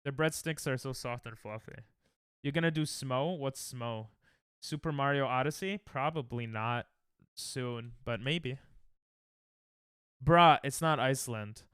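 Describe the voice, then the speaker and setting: A man's voice: mid-range voice, unhurried, long pauses, a bit bright, clear, resonant tone, no room sound, clean studio sound. A young American man streaming a geography guessing game, thinking aloud and trash-talking his chat. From United States. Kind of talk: casual live-stream chatter while playing.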